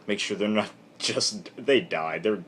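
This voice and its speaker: A man casually recapping a comic book issue on camera in a rambling, irreverent, animated way. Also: lowish voice, measured pace, breathy edge.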